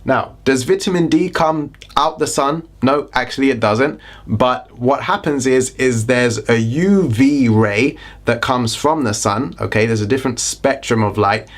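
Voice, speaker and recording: A man's voice: medium pitch, unhurried. A man with a British accent, a wellness vlogger talking casually to camera with chatty, joking, self-deprecating asides. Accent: British English. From Britain.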